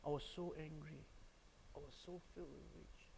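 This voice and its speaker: A man's voice: fairly high pitch, steady tone, normal speed, gravelly, warm tone, long reverb tail, a little hiss or hum, rough recording. A man with a Singaporean English accent, preaching a sermon and telling stories while asking the audience questions. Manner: storytelling, asks the audience questions.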